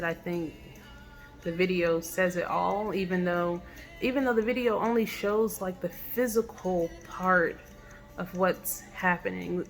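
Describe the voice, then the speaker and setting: A woman telling a personal story in a reflective, halting way, with many fillers and restarts. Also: fairly low pitch, a bit bright. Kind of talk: personal testimonial monologue.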